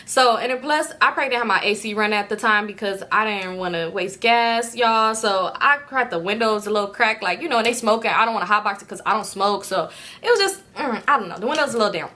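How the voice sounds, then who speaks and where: A woman vlogger telling a casual storytime tale in an animated, profane way, often laughing. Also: mid-range voice, fast.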